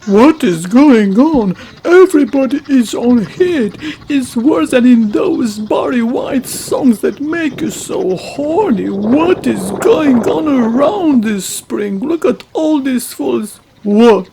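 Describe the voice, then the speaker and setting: A woman playing a grumpy lone bird, fed up with everyone staring at it. The voice is high but slow, irritable and snappish, with a slight background hiss. It is a comic wildlife voice-over. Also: lively intonation, dark tone, full character voice, poor audio. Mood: irritated.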